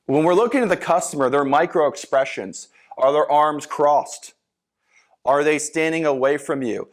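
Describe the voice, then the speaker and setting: A man's voice: a little high, expressive, moderate pace. Casual conversational male sales trainer. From Philadelphia. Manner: casual, conversational, fillers, acts out sales lines. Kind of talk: seminar lecture.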